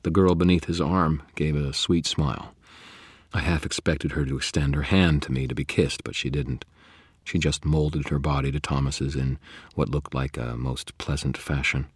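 A man narrating a first-person novel in a wry, deadpan storytelling manner. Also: very deep voice, moderate pace, slightly rough, no echo, studio quality. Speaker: audiobook narrator.

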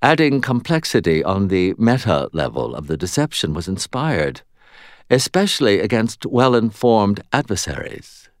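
A man voicing an ancient, smug faerie woman who speaks in a silky purr, in a low, lively voice. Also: normal speed, no echo, clean studio sound. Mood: smug approval. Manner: purring, silky.

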